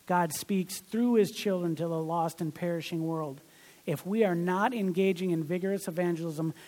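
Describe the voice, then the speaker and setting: A man in his forties delivers a sermon in a warm, mellow voice, bringing his stories to life with short acted-out exchanges. The sound carries a long reverb from a large hall. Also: high-pitched. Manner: animated storytelling, acts out little dialogues. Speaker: pastor.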